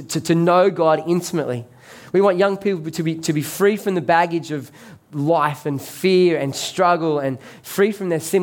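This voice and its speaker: A man preaching a sermon as pastor, conversational and joking with the congregation. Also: high-pitched.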